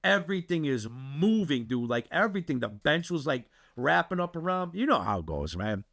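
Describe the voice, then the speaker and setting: Man, casual storyteller, swears a lot, lively pitch, bright tone. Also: moderate pace, creaky. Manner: animated, profane, keeps saying dude. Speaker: podcast host.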